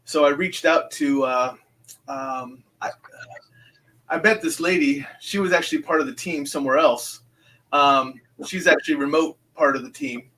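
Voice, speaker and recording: Male guest, 50s, somewhat high voice, loose rambling storyteller with lots of ums who re-enacts dialogue. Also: moderate pace, sharp tone, slight background noise, low-quality recording. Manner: rambling, re-enacts dialogue, many fillers and restarts. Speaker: guest, psychic medium. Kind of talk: casual interview storytelling.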